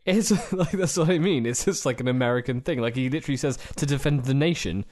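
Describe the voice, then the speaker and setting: A man's voice: mid-range voice, fast talker, darkish tone. Man, podcast co-host, rambles, laughs a lot, restarts his sentences. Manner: rambling, laughs often, self-correcting. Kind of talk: casual comedic chat.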